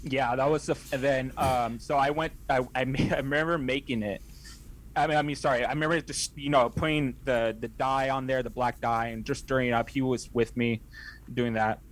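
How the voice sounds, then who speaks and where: Young man, podcast guest, casual storytelling, rambling, keeps restarting his sentences, mid-pitched voice. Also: steady tone, brisk. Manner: rambling, many restarts and self-corrections. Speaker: podcast guest, haunt scare actor.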